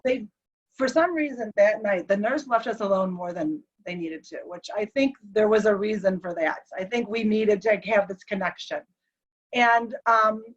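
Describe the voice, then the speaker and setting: A woman guest recounting a personal story with feeling, acting out the dialogue as she goes. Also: a little high. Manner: animated retelling that acts out the dialogue. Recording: slightly dull lo-fi recording.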